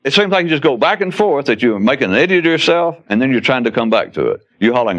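A man's voice: medium pitch, very animated, fast, few pauses. A man giving a spoken philosophical talk in a wry, conversational way, now and then acting out quoted outbursts. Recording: dull lo-fi recording.

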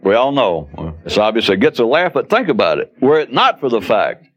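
A man's voice: medium pitch, sing-song, moderate pace. A man giving a spoken philosophical talk in a wry, conversational way, now and then acting out quoted outbursts. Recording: dull lo-fi recording.

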